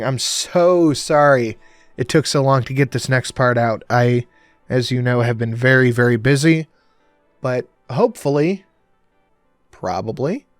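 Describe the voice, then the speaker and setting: A man's voice: mid-range voice, dry recording, clean studio sound. A man narrating a horror audiobook in a dramatic, conversational first-person voice.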